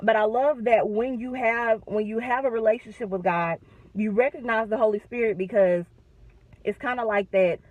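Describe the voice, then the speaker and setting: A woman talking in a casual faith vlog from her car, animated and chatty with self-deprecating humor. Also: a little high, moderate pace, no room sound, phone-quality sound. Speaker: vlogger.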